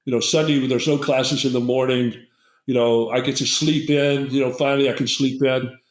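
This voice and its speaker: A man's voice: medium pitch, flat delivery, moderate pace, reverberant, rough recording. An older man, a guest herbalist, telling a long, digressive story in a casual interview and acting out the people in it. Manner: rambling, digressive storyteller who acts out quotes.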